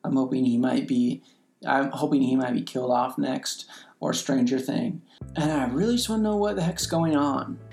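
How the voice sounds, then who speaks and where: A man's voice: mid-range voice, normal speed, gravelly, soft background music. A man co-hosting a podcast that reviews a TV series, talking casually and acting out the scenes as he retells them. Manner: animated, acts out scenes from the show. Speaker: podcast co-host.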